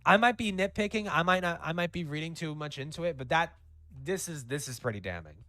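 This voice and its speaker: A man's voice: a little high, lively intonation, a little fast, pushed and bright, no room sound. A man giving reaction commentary on screenshots, incredulous and profane, stammering into outbursts. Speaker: commentary YouTuber.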